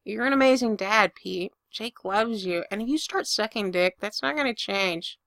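A woman voicing a calm young man who reassures his friend in a steady, blunt, teasing way. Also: mid-range voice, normal speed, creaky, no echo, clean studio sound. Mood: reassuring.

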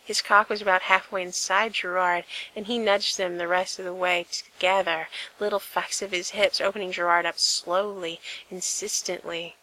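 Woman reading a story in a bright voice. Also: lowish voice, fairly even intonation, moderate pace, hardly any pauses, poor audio. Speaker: narrator. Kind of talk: reading fan fiction aloud.

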